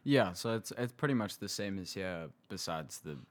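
Low-voiced young South African man. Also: animated, normal speed. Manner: easygoing, laughs often, explains plainly. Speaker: guest. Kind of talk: casual podcast conversation.

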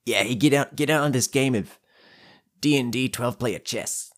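A man's voice: medium pitch, normal speed, voice pushed up, lightly acted. A man voicing a laid-back, friendly male goblin with an easygoing drawl in a tabletop game. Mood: mellow.

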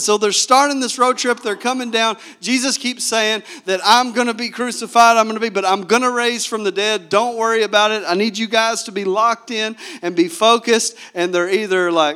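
A man's voice: high voice, bright, forceful tone. A male pastor preaching a sermon, telling the story with animation and asking the congregation direct questions.

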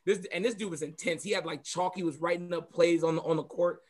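A man, a basketball referee, talking in a quick, self-deprecating way in casual chat. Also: fairly high pitch, fairly even intonation, a little mellow.

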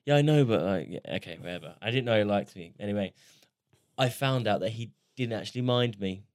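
A man's voice: on the low side, fairly quick, a little mellow, dry recording, clean studio sound. A young British man co-hosting a casual podcast, telling an awkward story and laughing as he acts out the quotes. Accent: British English. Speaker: podcast co-host.

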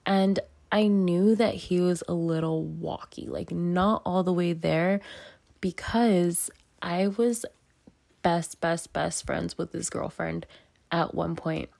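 A young woman with a low, gravelly voice tells a story on her podcast in a loose, chatty way. She swears freely and acts out what people said. The sound is dry and close. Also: level tone, a little slow, darkish tone, dry recording. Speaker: podcast host. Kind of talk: casual storytelling monologue.

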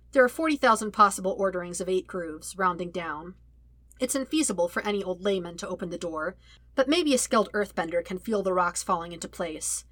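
Bright-voiced woman reading fiction. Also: medium pitch, dry recording. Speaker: audiobook reader. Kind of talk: scripted fiction narration.

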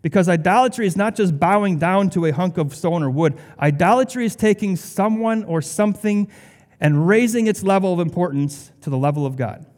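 A man's voice: high voice, animated, fairly quick, darkish tone, in a large hall. A male pastor delivering a sermon in a conversational way, with sarcastic asides.

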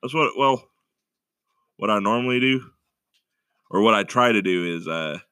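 Deep bright-toned young man rambling. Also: expressive, moderate pace, smooth, no echo, clean studio sound. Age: young adult. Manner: rambling, self-mocking. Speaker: podcast co-host. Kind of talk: casual chat.

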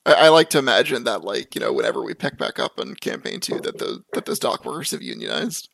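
Gravelly guy hosting a chill podcast chat, lots of ums, dry sound. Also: mid-range voice, wildly swooping pitch, quick pace, a bit bright, no echo. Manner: musing, hesitant with fillers. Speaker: podcast host and editor. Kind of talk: casual chat.

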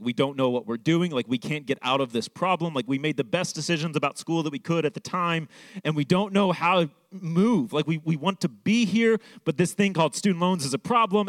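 A man's voice: fairly high pitch, no echo. A young man preaching a sermon, telling a personal story in a loose, conversational way, full of "like". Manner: conversational, fillers like "like". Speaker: pastor.

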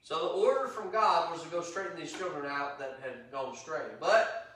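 A man preaching an interactive Bible teaching sermon, animated and quick to act out God's anger. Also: fairly high pitch, slight background noise. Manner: animated, acts out God's angry voice, rising to shouts. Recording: roomy echo, voice from a distance.

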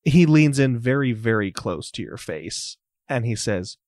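A man narrating a tabletop game as game master, slow and descriptive. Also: medium pitch, lively intonation, darkish tone, dry recording, studio quality.

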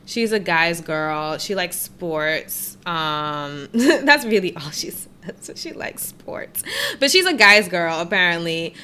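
A woman's voice: lowish voice, sharp tone, clean tone. A woman co-hosting a podcast who gives blunt, mocking opinions on a reality show in casual chat. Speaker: podcast co-host.

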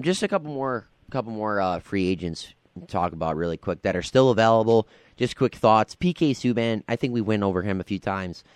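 A man with a lowish voice hosts a laid-back sports talk show on college radio. He rambles and fills gaps with ums and you-knows, sounding affable. The sound is dry and close. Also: clean tone, dry recording. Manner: rambling, filler-heavy, affable.

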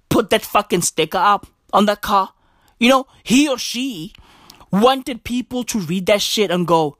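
A woman's voice: medium pitch, a bit bright, no room sound, clean studio sound. A woman delivering a profane comic rant, full of slang, swearing and emphatic repeats. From South Africa.

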